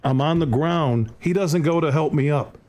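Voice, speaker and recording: Man telling a lively anecdote. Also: on the high side, normal speed. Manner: lively anecdote-teller, acts out voices. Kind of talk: animated storytelling.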